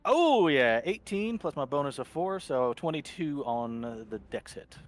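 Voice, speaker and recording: A man playing a tabletop game, relaxed and casual as he reads out his dice rolls. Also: on the high side, measured pace, faint music behind. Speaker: player.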